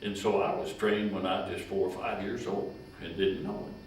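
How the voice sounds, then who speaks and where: With a low voice, a man in his 90s from Kentucky, retired from work as a county agent, spins long, folksy tales slowly and with a chuckle, rambling through his personal history. There's a little hiss or hum, an echoey room and a distant mic.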